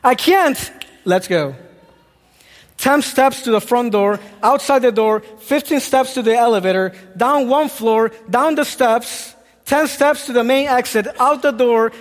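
A man preaching a sermon as a dramatic story, now and then breaking into song. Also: very high-pitched. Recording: echoey hall.

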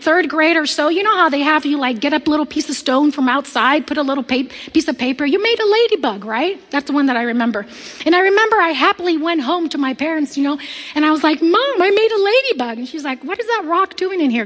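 A woman with a high-pitched voice preaches a sermon in a big, echoing room. She tells a personal story with animation, acting out the voices of the people in it.

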